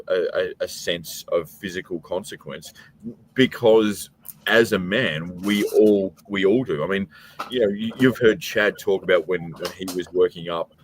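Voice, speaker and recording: A man co-hosting a casual beer podcast, talking in halting, rambling runs and swearing freely. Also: low voice, a little hiss or hum. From Australia. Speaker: podcast co-host. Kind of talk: casual chat.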